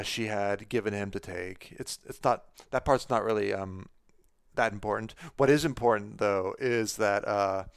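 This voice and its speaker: A man's voice: lowish voice, clean tone, no room sound, studio quality. A man co-hosting a podcast, talking casually about a book with many fillers and restarts. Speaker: podcast co-host.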